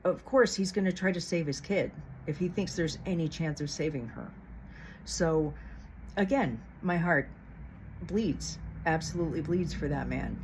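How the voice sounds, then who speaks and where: A woman's voice: deep voice, unhurried, background noise. Blunt, swearing woman vlogger. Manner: blunt, heated, swears often. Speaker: true crime vlogger. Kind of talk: casual opinionated commentary.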